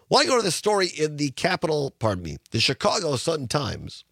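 A male radio talk show host with a rough, husky voice from a sinus infection, chatting casually and reading a news story aloud. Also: a little high, wildly swooping pitch, fairly quick, hardly any pauses, a bit bright, no room sound, studio quality. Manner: rambling, chatty, reads news stories aloud. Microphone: studio microphone.

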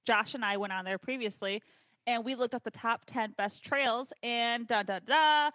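Cheerful female co-host, higher pitch. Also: normal speed, fairly bright tone, dry recording. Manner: cheerful, upbeat. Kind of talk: casual chat.

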